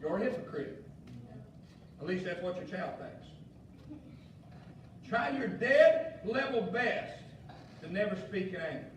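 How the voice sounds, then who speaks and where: A male pastor, preaching a fiery sermon with shouted emphasis and folksy asides. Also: sits high, expressive, slow, long pauses. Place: church sanctuary. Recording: echoey church hall, mic far off, faint noise.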